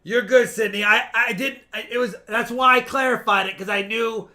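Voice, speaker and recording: A man hosting a live-stream coin auction, explaining each lot at length with quick asides. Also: extremely high pitch, steady tone, bright, forceful tone. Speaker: coin seller and stream host.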